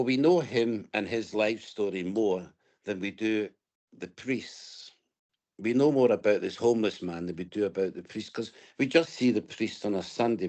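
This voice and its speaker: Scottish male guest, low-pitched, reflective storyteller, casual interview talk. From Scotland. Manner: reflective, storytelling, hesitant restarts.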